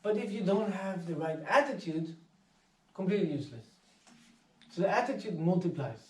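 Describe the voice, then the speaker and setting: A man giving an inspirational talk, telling anecdotes in a casual, animated way and acting out the voices of people in his stories. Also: high-pitched, normal speed. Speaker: speaker. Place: meditation centre hall. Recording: echoey hall, voice from far off.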